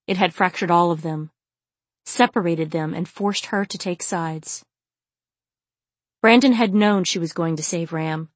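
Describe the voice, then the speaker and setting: A woman narrating a novel in a steady, measured reading voice. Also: fairly low pitch, no echo. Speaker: audiobook narrator. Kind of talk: scripted fiction narration.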